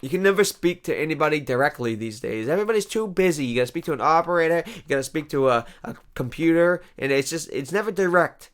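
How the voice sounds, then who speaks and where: A man hosting a comedy vlog, ranting in a rambling, exasperated monologue that swings between loud outbursts and quiet asides. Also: a little high, animated, fast, hardly any pauses.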